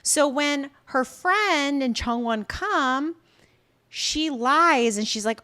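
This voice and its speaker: A woman's voice: sits high, takes it slowly. A woman co-hosting a podcast, recapping a drama in a casual chat and acting out the characters' lines. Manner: animated storytelling, acts out characters' lines. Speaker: podcast co-host.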